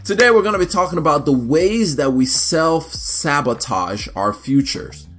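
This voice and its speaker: Young male podcast host, casual rambler, lively voice, light music bed. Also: fairly high pitch, normal speed, slightly rough. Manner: rambling, chatty, animated.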